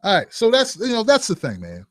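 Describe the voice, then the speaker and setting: A man's voice: high voice, huge pitch swings, a little fast, no echo, clean studio sound. A man hosting a commentary show, joking and firing rhetorical questions and asides at his viewers. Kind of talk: opinion commentary vlog.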